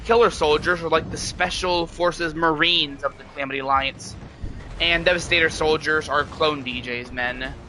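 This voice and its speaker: A man's voice: on the high side, fairly even intonation, moderate pace, pushed and bright, a little hiss or hum. A man streaming a game, chatting casually to viewers in a rambling way and often restarting his sentences. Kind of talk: casual live-stream chat.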